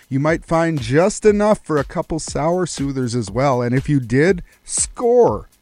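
A man's voice: fairly high pitch, a little mellow. A man hosting a radio show, telling folksy stories and reading the weather in a playful way. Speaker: radio host. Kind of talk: storytelling and weather read on radio.

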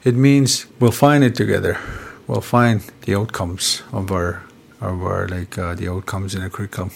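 A man from Canada telling traditional star stories in an unhurried, conversational way, often tagging his phrases with "eh?". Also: deep voice, fairly even intonation, creaky. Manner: unhurried, repetitive, ends phrases with "eh?". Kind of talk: casual storytelling conversation.

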